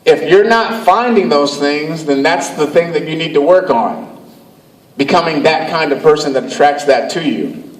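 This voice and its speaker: A motivational speaker from Cleveland, Ohio, addresses an audience in a somewhat high voice at normal speed, telling stories emphatically and repeating his phrases. The recording is echoey, with him far from the mic.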